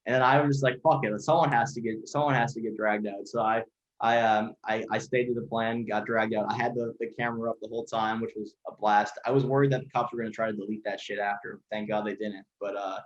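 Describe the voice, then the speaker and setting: Fast-talking man, rambling and profane. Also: on the low side, flat delivery. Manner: rapid, rambling, heavy filler and profanity. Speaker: podcast guest, chef. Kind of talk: casual storytelling. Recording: lo-fi dull audio.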